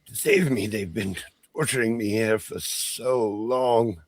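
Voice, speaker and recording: A man's voice: fairly low pitch, slow, dry recording. A man voicing a frail, sad old man who has just been brought back to life, speaking in a weak, plaintive voice. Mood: pleading. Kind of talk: tabletop role-play voice.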